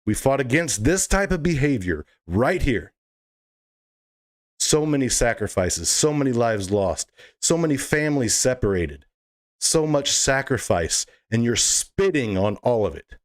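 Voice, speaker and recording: A man's voice: medium pitch, very animated, a little slow. A man delivering an impassioned monologue to camera as a political video blogger, fiery, emphatic and indignant.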